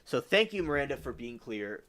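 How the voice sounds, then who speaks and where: A man hosts a casual livestream, rambling about the news and reading viewer comments aloud so he can answer them. His medium-pitched voice swings widely in pitch, moves at a normal speed and has a fairly bright tone.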